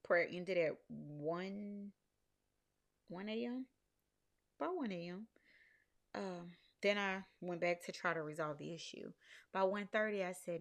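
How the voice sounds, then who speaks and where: A woman tells her viewers a story of faith in a loose, chatty way. Her pitch climbs sharply whenever she acts out her own words. She speaks of her small business as she goes. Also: unhurried. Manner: animated storytelling, voice jumping high when quoting herself. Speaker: small business owner sharing a testimony. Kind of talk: casual faith testimony to viewers.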